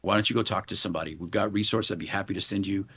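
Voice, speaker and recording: A man in his forties, a police leader, telling a personal story in an interview in a halting, earnest way with many restarts. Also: low-pitched, steady tone, sharp tone, breathy edge.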